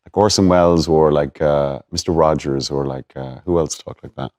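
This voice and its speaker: Irish guy, really deep voice, soft-spoken, kinda halting as he talks. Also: fairly even intonation. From Ireland. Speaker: actor. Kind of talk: casual conversation.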